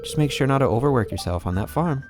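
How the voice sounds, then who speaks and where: Man doing an earnest small-town doctor from a farm game, formal and polite, with a lively lilt. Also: medium pitch, fast talker, faint music behind, close to an everyday voice. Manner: formal, polite bedside manner. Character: earnest, fussy young male town doctor.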